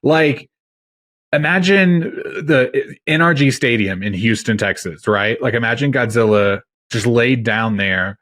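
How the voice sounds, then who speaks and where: A man co-hosting a podcast in casual chat, excitable, swearing freely and acting out his reactions. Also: medium pitch, unhurried. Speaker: podcast co-host.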